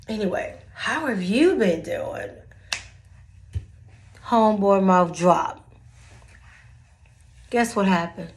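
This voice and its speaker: A woman's voice: mid-range voice, animated, takes it slowly, long pauses. Dramatic woman telling a story. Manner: dramatic, acts out both sides of a conversation. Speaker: vlogger giving dating advice. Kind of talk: casual storytelling to viewers.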